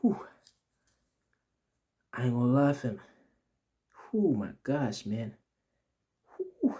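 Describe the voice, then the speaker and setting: A man's voice: medium pitch, sing-song, slow, warm tone. A young man telling a story to his audience in a casual, rambling, slang-heavy way, repeating himself often. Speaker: vlogger.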